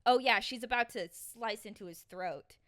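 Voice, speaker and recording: A woman's voice: a little high, normal speed, a bit bright, no echo, clean studio sound. A woman co-hosting a book club podcast, chatting casually and reading passages aloud with playful giggles. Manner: giggly, playful, breaks into laughter. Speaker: podcast co-host.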